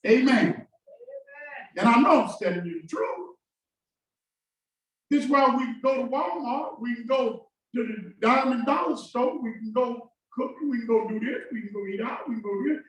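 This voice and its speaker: Impassioned preacher in an echoing church. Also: male voice, very high voice. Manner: call-and-response preaching, shouting bursts and sudden drops. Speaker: pastor. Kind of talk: sermon. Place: church sanctuary. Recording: very echoey church from a distance.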